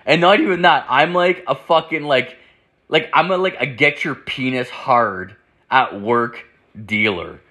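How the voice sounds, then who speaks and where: A man's voice: medium pitch, a little slow, sharp tone. A man hosting a show, telling a rambling comedic story from his own life, swearing heavily and saying "like" a lot. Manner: rambling, heavy swearing, lots of "like". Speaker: show host.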